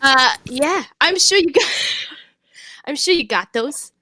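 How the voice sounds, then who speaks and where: Scheming pirate haggler, a woman doing the voice, bright and high, wheedling. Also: lively intonation, slow, no echo, exaggerated voice.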